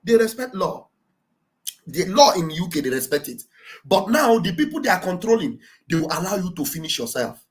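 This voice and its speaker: A woman hosting an online show, giving fervent, repetitive political commentary that often rises to shouting. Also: fairly low pitch, very animated, brisk.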